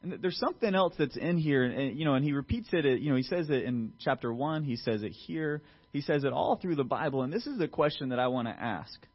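A man preaching a sermon in a loose, conversational way, full of fillers and asides, who acts out quoted voices with big jumps in pitch and loudness. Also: expressive, fast, hardly any pauses, breathy edge. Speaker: pastor. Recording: muffled lo-fi recording.

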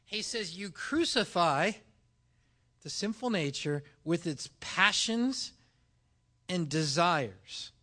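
Bright, high-voiced preacher man. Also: slow. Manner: animated storytelling, acting out dialogue. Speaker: pastor. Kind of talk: sermon with personal story.

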